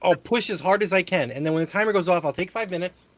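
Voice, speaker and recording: A man's voice: high-pitched, fast, no room sound. A man hosting a casual chat show, telling stories in a rambling way with casual swearing. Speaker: host.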